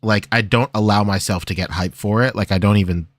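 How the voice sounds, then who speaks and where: A man's voice: on the low side, fairly even intonation, brisk, dry recording, clean studio sound. A man co-hosting a podcast in casual chat, laid-back and hesitant, with many fillers and restarts. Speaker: podcast co-host.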